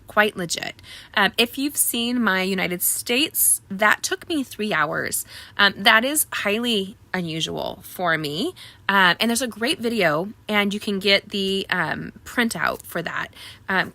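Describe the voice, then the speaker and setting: Female craft tutorial host: chatty, rambling, filler-heavy, with a sharp tone and a gravelly edge. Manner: chatty and rambling, many ums; upbeat sales pitch to viewers. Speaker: card making tutorial host. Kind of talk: casual live craft tutorial.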